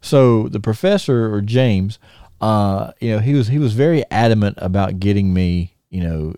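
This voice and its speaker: A podcast host spins a casual story with a warm, mellow voice, breaking into laughter as he acts out lines. The recording is dry and close, with no room sound. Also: on the low side, normal speed, clear, resonant tone, no room sound. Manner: animated anecdote-telling, often laughing and acting out quotes.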